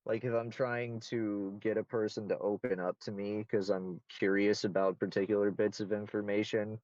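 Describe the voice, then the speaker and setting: Man, lowish voice, blunt and candid, dry slightly dull call audio. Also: flat delivery, moderate pace, a little mellow, no room sound. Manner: candid, blunt and self-assured. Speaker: interviewee. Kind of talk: casual conversational interview.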